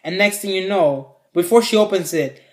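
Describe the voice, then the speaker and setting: A man's voice: high-pitched, moderate pace. A man telling a story in a casual vlog, rambling, swearing freely, and full of fillers. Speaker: vlogger.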